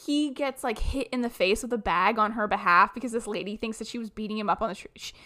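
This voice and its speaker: A woman's voice: on the high side, fast, sharp tone. A young adult woman co-hosting a podcast in casual chat, laughing often and acting out movie lines. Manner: giggly, acts out movie quotes. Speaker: podcast co-host.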